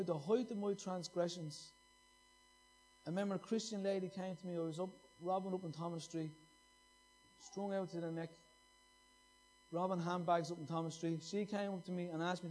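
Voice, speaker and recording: A man's voice: sits high, darkish tone. A middle-aged man preaching a sermon, impassioned and repeating phrases for emphasis.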